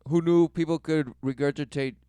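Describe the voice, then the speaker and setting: Man commentator, mocking and preachy, smooth resonant mid voice, dry close sound. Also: on the high side, steady tone, normal speed, warm tone, no room sound. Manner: mocking, exclamatory, rhetorical questions. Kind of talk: religious commentary over video clips.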